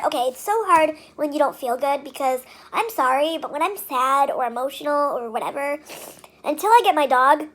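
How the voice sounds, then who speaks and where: A woman's voice: high voice, fairly bright tone. A young woman vlogging casually, venting with frustration and many fillers. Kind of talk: casual vlog monologue.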